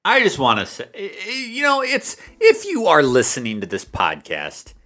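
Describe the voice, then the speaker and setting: A man's voice: a little high, huge pitch swings, moderate pace, pushed and bright. A man co-hosting a casual podcast, blunt and jokey, swearing freely. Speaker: podcast co-host.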